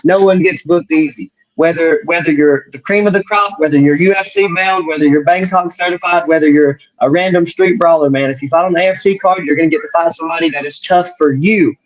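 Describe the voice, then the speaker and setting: Man, host, slightly high voice, animated storyteller, dull lo-fi sound. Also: fairly quick, hardly any pauses. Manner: animated storyteller, acts out quotes. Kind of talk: casual podcast chat.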